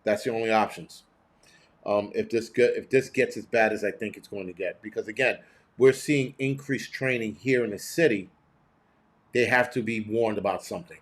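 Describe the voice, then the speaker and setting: A man's voice: on the low side, moderate pace. A man hosting a prepping show, giving blunt, profane, rambling live-stream commentary and reading chat messages aloud.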